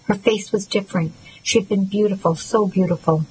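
A woman reads out a grieving man in his thirties, speech thick and slurred as if his mouth is full of sand. He sounds confused and close to tears, his pitch sitting mid-range. Audiobook reading. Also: fairly even intonation, brisk, darkish tone, a little hiss or hum, natural voice, rough recording. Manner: slurred, mumbling, tearful. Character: grieving troubled adult brother, slurred speech.

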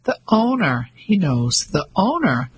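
A man's voice: high-pitched, big pitch swings, slow pace, noisy background, pitched above the performer's own voice, full character voice. A man doing a cocky, teasing fisherman. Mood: bluffing. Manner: mocking, confident. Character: cheeky teasing male fisherman, self-assured.

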